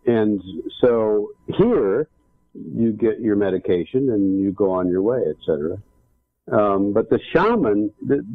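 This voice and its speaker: A man's voice: on the low side, no room sound. A man who is a guest author and speaker, telling a story in an emphatic way during a casual interview. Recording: tinny phone line.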